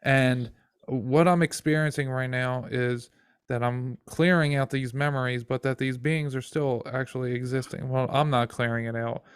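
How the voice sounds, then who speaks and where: A man's voice: mid-range voice, fairly even intonation, moderate pace, smooth, no room sound, clean studio sound. A man hosting a podcast interview, speaking earnestly with a preacher-like emphasis. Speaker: podcast host. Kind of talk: casual interview chat.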